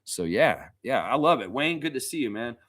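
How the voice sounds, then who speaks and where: Animated, profane basketball streamer. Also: male voice, medium pitch, normal speed, no room sound, studio quality. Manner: animated, blunt and profane, laughs often. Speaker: host of a daily basketball livestream. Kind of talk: casual livestream commentary reading chat.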